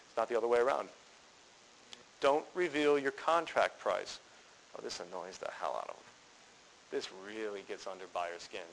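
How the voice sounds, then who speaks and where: A man's voice: mid-range voice, a little hiss or hum, rough recording. A man teaching real estate wholesaling at a live seminar, emphatic, firing rhetorical questions at the room and answering them himself.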